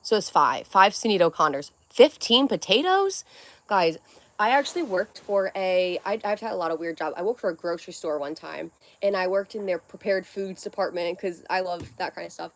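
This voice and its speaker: A woman's voice: on the low side, fairly quick. A young adult woman hosting a casual livestream at home, rambling from one topic to the next in a scattered way. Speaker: livestream host.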